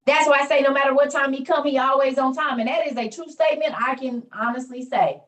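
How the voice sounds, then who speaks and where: A woman with a high voice preaches over a video call. She is fervent and rhythmic, and she drives her points home by repeating phrases. She sounds roomy and set back from the mic. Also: fairly even intonation, fast, fairly bright tone, far from the mic. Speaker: meeting leader.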